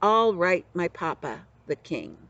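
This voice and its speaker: A woman's voice: fairly low pitch, sing-song, slow, fairly bright tone, lo-fi sound, exaggerated voice. A woman voicing a clever, scheming street-boy servant in a storybook reading, acting grand to fool his captors. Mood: crafty. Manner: crafty, putting on airs.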